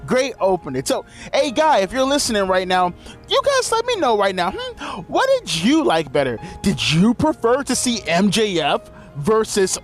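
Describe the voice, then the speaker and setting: A man giving a casual, profane, rambling recap of a wrestling show. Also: high voice.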